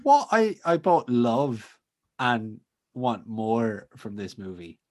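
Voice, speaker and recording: A man with a mid-pitched, everyday voice co-hosting a film podcast. He gushes about films, leans on fillers and often leaves sentences hanging as he talks. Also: sing-song, takes it slowly, darkish tone. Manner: enthusiastic, many "like" fillers, trails off mid-sentence. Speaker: podcast co-host. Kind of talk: casual film chat.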